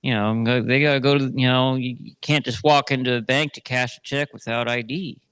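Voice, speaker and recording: A man's voice: mid-range voice, fairly even intonation, brisk, fairly bright tone, clear, resonant tone, dry recording. A man leading a class, talking casually and often repeating himself. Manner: conversational, repeats himself with fillers. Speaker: class teacher.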